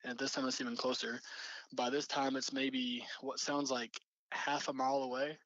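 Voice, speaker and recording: Young male storyteller, mid-pitched, loose and rambling, dull dry recording. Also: level tone, normal speed, fairly bright tone, no echo. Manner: rambling, many fillers and restarts. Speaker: storyteller recounting an encounter. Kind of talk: casual spoken storytelling.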